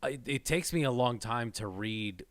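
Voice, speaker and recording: A man's voice: mid-range voice, animated, unhurried, no echo. A man talks casually as a podcast guest and pokes fun at himself as he goes. His voice sounds dry and close, with no room around it. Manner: self-mocking and jokey. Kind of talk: casual chat.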